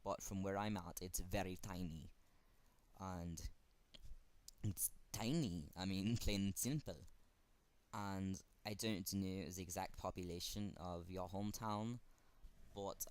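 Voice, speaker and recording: A man with a German accent speaking earnestly to camera in a fan tribute, halting and pausing often. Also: deep voice. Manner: earnest, halting, with frequent pauses. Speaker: fan vlogger.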